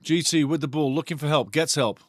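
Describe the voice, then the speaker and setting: A man hosting a live football watch-along, commenting on play with excitable, sweary banter aimed at his chat. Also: fairly high pitch, brisk, dry recording, clean studio sound.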